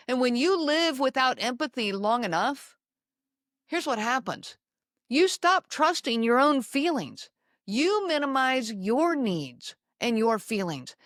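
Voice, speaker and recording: A woman's voice: on the high side, dry recording. Emphatic woman podcast host, dry sound. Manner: slow, emphatic and deliberate, repeating key lines. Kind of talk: solo talk to listeners.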